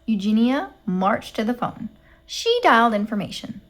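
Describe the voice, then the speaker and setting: A woman narrating a children's storybook aloud with an animated, wide-ranging lilt. Her delivery is expressive yet dry, landing each line with a storyteller's wink. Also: fairly high pitch, normal speed. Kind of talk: children's book read-aloud.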